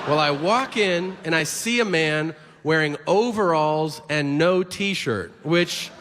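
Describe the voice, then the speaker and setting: A man doing stand-up, telling a story and acting out the people in it with lively voices. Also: a little high, takes it slowly. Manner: animated, acts out characters in quotes. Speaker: stand-up comedian. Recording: reverberant hall with audience noise. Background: audience laughter.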